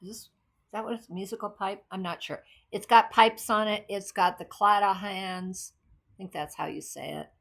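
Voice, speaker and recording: A woman's voice: mid-range voice, steady tone, moderate pace, creaky, a bit bright. A woman vlogger chatting casually about her cross stitch projects, rambling and thinking aloud as she goes. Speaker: craft vlogger. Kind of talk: casual chat.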